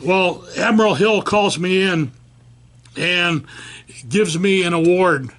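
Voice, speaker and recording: An older man being interviewed about his time in the service, spinning a lively story. He acts out what everyone said, his voice sitting fairly high for a man. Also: slow pace. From United States. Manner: animated storyteller acting out quoted voices. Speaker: veteran interviewee. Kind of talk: telling a war-era anecdote.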